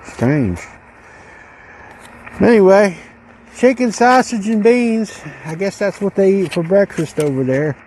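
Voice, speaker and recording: A man hosting a casual unboxing video, musing aloud in a slow, rambling way as he goes through a ration pack. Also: high voice, lively intonation, darkish tone, slight background noise, rough recording. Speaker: channel host reviewing ration packs.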